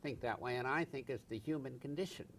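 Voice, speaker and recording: A man's voice: mid-range voice, fast talker, fairly bright tone, a little hiss or hum. An older man, a psychotherapist, answering interview questions bluntly and emphatically, swearing for effect. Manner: blunt, emphatic, acts out angry outbursts with swearing.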